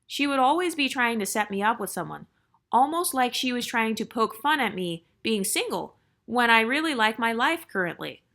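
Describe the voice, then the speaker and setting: Bright-voiced woman hosting a storytime. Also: a little high, expressive, moderate pace. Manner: casual, chatty with fillers. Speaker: channel host. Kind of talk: reading a viewer's story and commenting.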